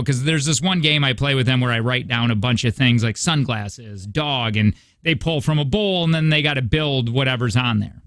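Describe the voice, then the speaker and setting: A man's voice: mid-range voice, no echo. A man in his thirties hosting a morning radio show, rambling through stories in casual chat. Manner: rambling storyteller, chatty. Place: radio studio. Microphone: studio microphone.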